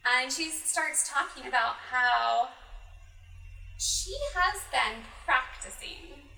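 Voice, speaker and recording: A woman co-hosting a casual chat, giggly and animated as she recaps a story and acts out its lines. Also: high voice, slow, creaky, roomy sound, distant mic, soft background music, poor audio. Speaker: podcast co-host recapping an adult anime.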